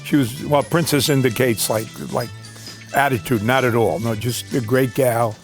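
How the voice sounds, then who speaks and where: A man's voice: mid-range voice, fairly even intonation, normal speed, faint music behind. Older man reminiscing about his acting career. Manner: reminiscing, rambling with fillers. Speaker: actor recalling his career. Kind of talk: documentary interview.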